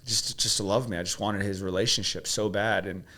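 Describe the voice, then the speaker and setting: A man's voice: lowish voice, steady tone, brisk, sharp tone. A man coaching his host through questions, then telling a personal story with emotion. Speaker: guest coach.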